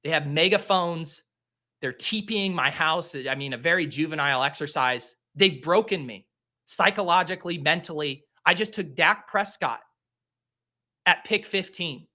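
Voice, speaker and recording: A man's voice: on the high side, moderate pace, bright, forceful tone. A young man hosting a fantasy football show, chatting casually and theatrically mocking himself in exasperation. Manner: theatrical, exasperated self-mockery. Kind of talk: casual solo commentary while drafting.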